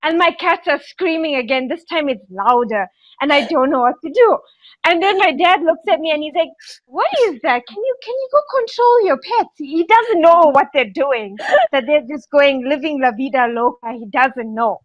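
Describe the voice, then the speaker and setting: A woman on a podcast telling a rambling story in casual chat, animated and giggly with lots of fillers. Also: sits high, moderate pace, no room sound, dull audio. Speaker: podcast co-host.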